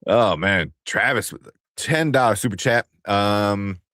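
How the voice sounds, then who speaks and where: A man in his thirties co-hosting a casual movie news stream, telling family stories and acting out quotes in a high voice. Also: unhurried, a bit bright, dry recording, studio quality. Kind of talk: casual chat.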